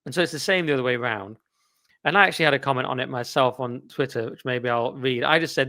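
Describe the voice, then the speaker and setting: Male podcast host from England, blunt and sardonic, quick delivery, mid-range voice. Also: mid-range voice, vocal fry, sharp tone. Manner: blunt, sardonic, rambling asides. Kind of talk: casual opinionated chat.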